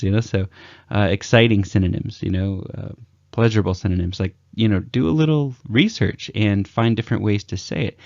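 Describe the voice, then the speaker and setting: A man's voice: no echo, highs cut off. A man giving casual communication advice, acting out examples with big swings in his voice. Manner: energetic, acts out examples with big pitch swings. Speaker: communication coach. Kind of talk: casual advice talk to camera.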